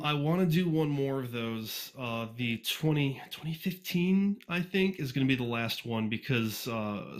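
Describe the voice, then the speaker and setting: A guest on a casual podcast interview, this man reviews fan fiction and has a medium-pitched, slightly bright voice. He rambles and jokes at his own expense, full of fillers and restarts.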